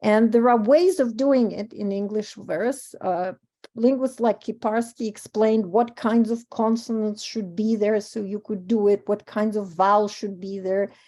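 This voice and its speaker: Russian-native woman academic, middle-aged, warm mellow timbre, lectures with ums and restarts. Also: medium pitch, fairly even intonation, measured pace. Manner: thoughtful, with frequent ums and self-corrections. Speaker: panel speaker on verse translation. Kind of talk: academic conference talk.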